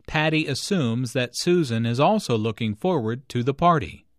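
A man narrating an English lesson in a slow, measured way, explaining pronunciation and stress. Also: mid-range voice, animated, no room sound, studio quality. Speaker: language teacher. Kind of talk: scripted narration.

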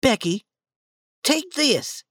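A woman voicing an eager, boastful young schoolboy in a storybook reading, coaxing and lively. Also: high voice, extremely slow, husky, no echo, exaggerated voice.

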